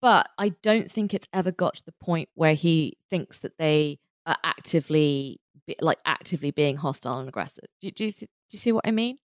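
A woman with a somewhat low voice and a very lively, up-and-down delivery chats. She restarts her sentences often and talks over her co-host in easy banter. The recording is close and dry. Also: fairly quick, hardly any pauses, no echo. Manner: chatty, restarts often, laughs easily. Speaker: podcast co-host. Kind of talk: casual chat recapping a sitcom.

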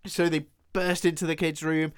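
A man's voice: a little high, level tone, normal speed, smooth. A man co-hosting a casual podcast, retelling a film scene by scene with plenty of swearing and laughter. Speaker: podcast co-host. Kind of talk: casual film-recap chat.

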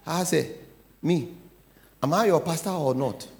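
Middle-aged Ghanaian pastor, lively sermon delivery, light high-set voice. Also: male voice, unhurried, vocal fry. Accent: Ghanaian English. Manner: animated preaching, swings from low asides to loud declarations.

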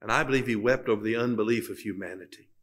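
A man preaching a sermon who pauses dramatically, builds to emphatic climaxes and reads scripture in old-fashioned wording. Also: on the low side, fairly bright tone.

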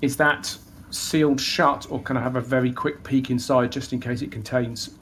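A man playing a tabletop game, upbeat and quick to laugh, asking about the scene. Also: mid-range voice, fairly even intonation, a bit bright, slight background noise. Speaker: player. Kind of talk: casual game chat.

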